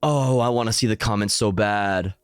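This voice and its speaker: A man's voice: lowish voice, normal speed, smooth, no echo, clean studio sound, soft background music. A young man streaming live, laughing in disbelief, swearing and reading headlines and chat comments aloud.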